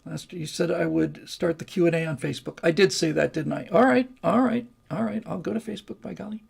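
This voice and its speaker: A man's voice: fairly high pitch, fairly even intonation, fast talker, vocal fry, a little mellow, breathy edge. An older man hosting a live stream, chatting casually and reading comments in a rambling, folksy way. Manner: rambling, folksy, restarts and asides.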